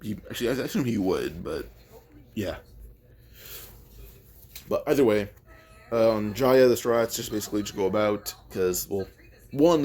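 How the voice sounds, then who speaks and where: A man's voice: medium pitch, a little mellow. A man casually retelling a fan-made story, rambling and thinking aloud as he goes, often correcting himself.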